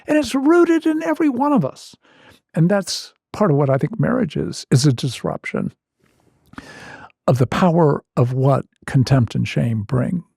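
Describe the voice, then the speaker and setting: A man, a therapist appearing as a guest, telling a personal story in a vivid, animated and self-mocking way. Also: a little high, measured pace, creaky, breathy edge, dry recording, studio quality.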